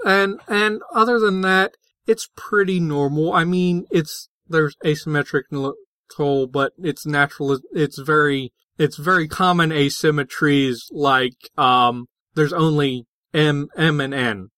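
A man's voice: a little high, measured pace, sharp tone, dry recording. A man co-hosting a podcast, explaining linguistics in a casual, hesitant way with many fillers and restarts. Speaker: podcast co-host.

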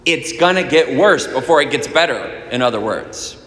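A man giving a conversational sermon, casual and animated, often restarting his phrases. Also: mid-range voice, moderate pace. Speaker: preacher. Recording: echoey room with long reverb.

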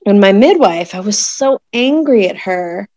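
A woman in her thirties telling a personal story in conversation, emotional and searching, with many pauses and fillers. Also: medium pitch, expressive, a little mellow, no room sound. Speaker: guest telling a birth story.

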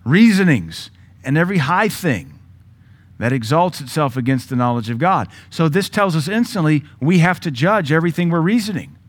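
Southern male pastor, pitched a bit high, lively sermon delivery with sharp commands. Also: normal speed. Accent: Southern American. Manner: animated preaching with mock voices and sudden loud commands.

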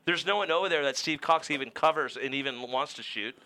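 A man's voice: on the high side, a little fast, bright, forceful tone. Blunt, cursing man arguing on radio. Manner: blunt, profane, exasperated. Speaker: racer guest. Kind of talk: heated studio radio banter.

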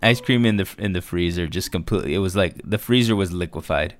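A man with a very deep voice talking in a loose, laid-back way. He tells crude stories in casual chat as a podcast co-host. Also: fast talker.

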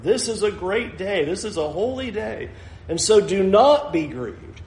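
High-voiced male pastor preaching. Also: expressive, measured pace, a little mellow, slight background noise. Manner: explanatory with dry humor. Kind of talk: expository sermon. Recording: roomy echo.

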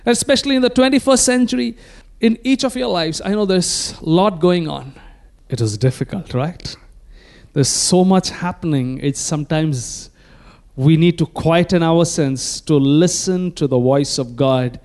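Male pastor, high voice, emphatic call-and-response preacher. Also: measured pace, a little mellow. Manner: emphatic, calls the congregation to repeat phrases. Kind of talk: sermon.

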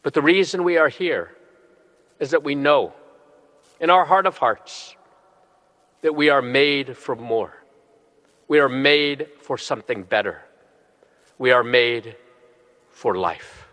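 A middle-aged man, a bishop, preaching a sermon with earnest, slow and emphatic phrasing. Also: medium pitch, sharp tone. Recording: long reverb of a large hall.

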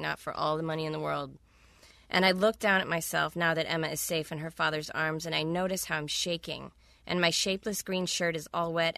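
A woman's voice: on the low side, creaky, sharp tone, no echo. A woman author reading a wry, candid first-person passage from her own novel on a close studio mic.

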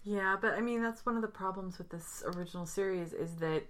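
A woman's voice: mid-range voice, fairly quick, a bit bright. A woman co-hosting a casual chat podcast, giving opinions and explaining her points patiently. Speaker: podcast co-host.

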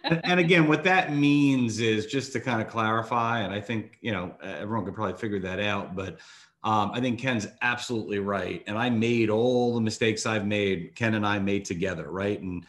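A man's voice: lowish voice, steady tone, normal speed, a bit bright. A man who is a financial advisor and hosts the show. He asks long, rambling questions full of "you know" and restarts. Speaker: financial advisor, podcast host. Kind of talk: interview questions.

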